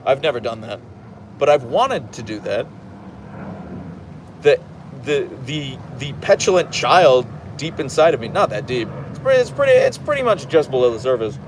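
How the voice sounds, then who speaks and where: A man's voice: mid-range voice, very animated, normal speed, noisy background. A man hosting a casual livestream from home, reading out the chat and rambling playfully, slipping into voices when he retells stories.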